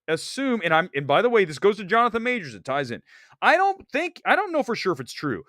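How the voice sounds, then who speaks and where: A man hosting a movie talk livestream, rambling excitably while he stalls and searches on his computer. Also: sits high, fast, no echo, studio quality. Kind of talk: casual livestream chat.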